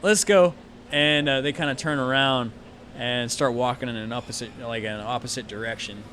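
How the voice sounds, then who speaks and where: A man's voice: mid-range voice, level tone, brisk, bright, forceful tone, a little hiss or hum. A man narrating a tabletop game as game master, casual and rambling with many fillers.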